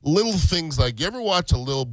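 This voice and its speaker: A man's voice: a little high, lively intonation, quick pace, no echo, rough recording. A man co-hosting a radio aftershow in casual chat, easygoing with trailing restarts. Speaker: radio co-host.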